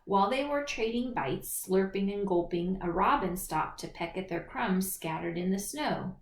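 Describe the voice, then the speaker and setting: A woman reading a children's picture book aloud in an expressive storytelling manner, in a roomy recording. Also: mid-range voice, moderate pace. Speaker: storybook reader. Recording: roomy echo.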